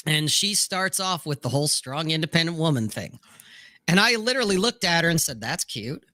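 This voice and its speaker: A man's voice: a little high, expressive, fairly quick, sharp tone, no room sound. A middle-aged man telling a long, candid and profane personal story on a casual podcast panel, full of "you know". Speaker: podcast co-host.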